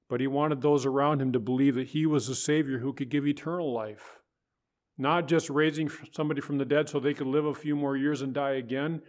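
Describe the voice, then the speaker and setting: A man preaching a sermon, quoting scripture, rising higher and louder when voicing others and dropping soft for gentle words. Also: vocal fry. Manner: rises in pitch and volume for quoted voices, drops soft for tender words; preaching with biblical quotations.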